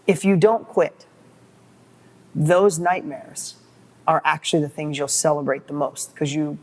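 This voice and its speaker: Middle-aged male guest, motivational storyteller, animated, repeats himself when fired up. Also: on the high side, a little slow. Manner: animated, acts out quoted dialogue, repeats words when excited.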